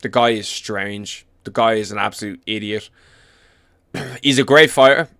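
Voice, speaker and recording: A man's voice: fairly low pitch, measured pace, pushed and bright, no echo, studio quality. Blunt, profane Irish man ranting. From Ireland. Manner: blunt, profane, emphatic repetition. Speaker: MMA commentator. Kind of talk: casual opinion rant.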